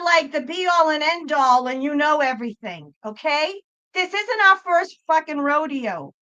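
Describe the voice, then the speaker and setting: A woman with a very high voice rants at her livestream chat. Her voice is bright and forceful, and she swears freely while she argues with viewers. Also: dull audio. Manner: profane, exasperated ranting; talks back to chat viewers. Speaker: psychic livestream host.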